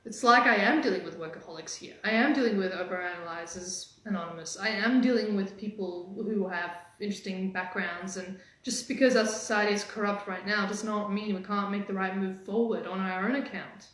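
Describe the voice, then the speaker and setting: Energetic woman coach in an echoey room. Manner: energetic, teasing, fast-changing pitch. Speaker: dating coach. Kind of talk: motivational live stream talk.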